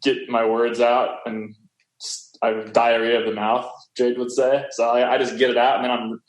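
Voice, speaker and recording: A man's voice: medium pitch, flat delivery, moderate pace, echoey room, rough recording. A man chatting as a podcast guest over a video call, easygoing, with stammered restarts. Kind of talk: casual chat on a video call.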